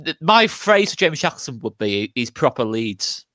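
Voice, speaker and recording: Lively, bright-voiced man. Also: medium pitch, normal speed. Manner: lively, rambling questions with restarts. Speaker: fan channel host. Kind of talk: casual football fan chat.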